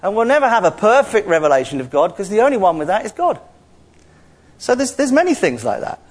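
A man preaching a sermon in an animated, playful way, acting out little dialogues as he teaches. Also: high voice, fairly quick.

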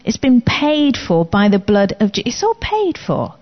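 A woman's voice: very animated, unhurried. A woman preaching a sermon in an emphatic, declaring manner. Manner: emphatic, declaring commands with rising pitch. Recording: slightly dull lo-fi recording.

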